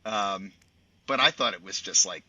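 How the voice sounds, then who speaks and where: A man in his sixties, a sportscaster guest telling anecdotes on a podcast with lively asides. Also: lowish voice, moderate pace, dry recording. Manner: animated raconteur, chatty with many asides. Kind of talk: podcast storytelling. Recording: dull dry lo-fi audio.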